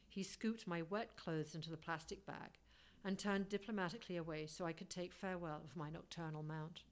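Woman narrating a story, lowish voice. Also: steady tone, fairly quick. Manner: wry, lightly humorous first-person telling. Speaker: audiobook narrator.

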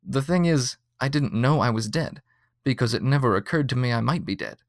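A man's voice: medium pitch, fairly quick, no room sound, close to an everyday voice. A man voicing an adult woman caught in a bureaucratic mix-up, speaking in an annoyed, insistent way, in a dry reading. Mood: exasperated.

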